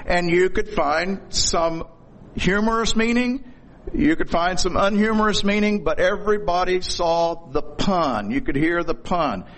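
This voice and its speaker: A man's voice: high voice, a little slow, fairly bright tone. Folksy middle-aged preacher man. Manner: folksy storytelling with corny jokes. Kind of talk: sermon.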